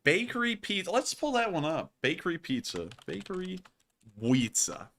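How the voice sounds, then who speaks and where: Young male stream host, high-pitched, bright and animated, playful and jokey. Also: slight background noise. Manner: animated, quick asides, playful teasing. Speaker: livestream news host. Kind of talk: casual livestream chat.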